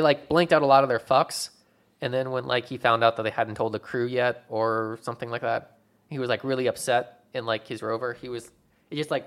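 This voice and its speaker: A young man with a mid-range, slightly bright voice chats casually about movies. He rambles and fills his talk with "like" and "um."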